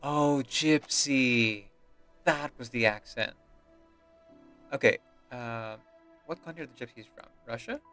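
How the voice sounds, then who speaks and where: A man giving casual let's-play commentary with relaxed, musing asides. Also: mid-range voice, moderate pace, pauses often, faint music behind. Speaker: game streamer.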